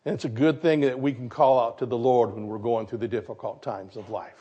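A man from Michigan, a pastor preaching a sermon, animated and putting questions to his congregation. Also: medium pitch, a little fast, slightly rough. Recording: dull lo-fi recording.

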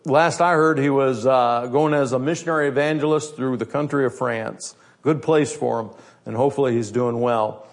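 A man's voice: medium pitch, normal speed. A man preaching a sermon as pastor, blunt and emphatic, with many rhetorical questions.

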